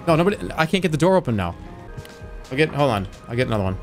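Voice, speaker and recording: A man streaming a video game with goofy, excitable running commentary and sudden yelps. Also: medium pitch, very fast, music in the background. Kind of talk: live gameplay commentary.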